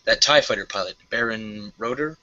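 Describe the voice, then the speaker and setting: A man co-hosting a casual review chat, hesitant and full of pauses, heard over a muffled online call. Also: fairly low pitch, sharp tone. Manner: hesitant, with many "uh" and "um" and restarts. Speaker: show co-host.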